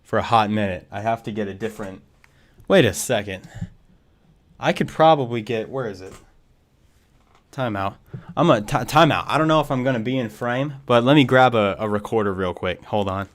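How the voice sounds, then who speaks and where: A man's voice: lowish voice, normal speed. A man hosting a music production livestream, thinking aloud and interrupting himself casually. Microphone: desk USB microphone.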